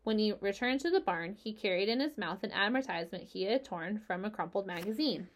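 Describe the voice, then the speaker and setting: A woman narrating a children's book aloud in a steady, expressive storytelling manner. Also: medium pitch, brisk.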